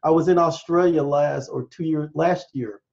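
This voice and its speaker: An enthusiastic American man talks in a rambling, excited way as a podcast guest, explaining science as he goes. His voice sits a little high and sounds mellow and warm. The recording is slightly muffled and lo-fi. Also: normal speed, gravelly. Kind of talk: casual interview talk.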